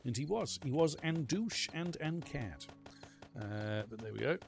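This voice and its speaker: A man's voice: mid-range voice, lively intonation, measured pace, gravelly, faint music behind. A man streaming a survival game, chatting casually with rambling stories and free swearing. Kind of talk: casual gameplay commentary.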